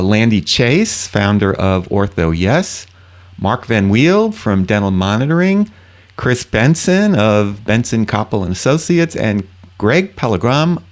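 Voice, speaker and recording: An older man with a New York accent, a retired orthodontist, co-hosting a podcast in a relaxed, joking way. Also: lowish voice. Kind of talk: casual podcast chat.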